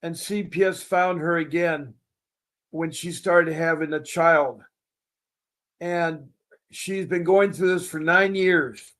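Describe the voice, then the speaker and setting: A man hosting a call-in show, talking in a rambling, folksy way and repeating himself. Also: high-pitched. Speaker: show host. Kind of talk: casual call-in show talk.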